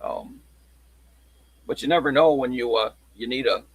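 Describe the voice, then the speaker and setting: Gravelly-voiced man in rambling show-and-tell. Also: mid-range voice, moderate pace, no echo, rough recording. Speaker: locksport hobbyist showing his tools. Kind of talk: casual livestream chat.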